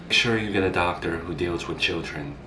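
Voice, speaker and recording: A man's voice: sits low, fairly quick, bright, forceful tone, roomy sound, recorded from a distance, a little hiss or hum, voice pushed down. A man doing a nagging, meddling old mother. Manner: fussy, worried, lecturing.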